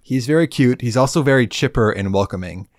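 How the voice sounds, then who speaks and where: A man's voice: mid-range voice, fairly quick, dry recording. A man co-hosting a podcast in casual chat, steadily walking through the game with dry, wry remarks. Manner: steady, wry, guides the talk and reads quest lines. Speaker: podcast co-host. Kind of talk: casual gaming chat, leading the walkthrough.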